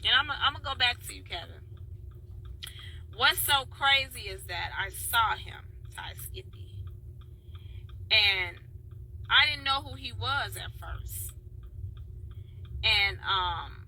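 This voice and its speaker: A woman's voice: on the high side, lively intonation, normal speed, creaky, sharp tone, a little hiss or hum, poor audio. A woman from Chicago talking in a heartfelt, rambling way, calling out to her viewers by name. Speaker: dance video blogger. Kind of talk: casual spoken vlog.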